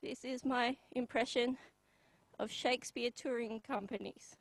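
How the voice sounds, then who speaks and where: A young Australian woman performing a live comedy bit, deadpan and halting, with many pauses and ums. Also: on the high side, no echo, low-quality recording.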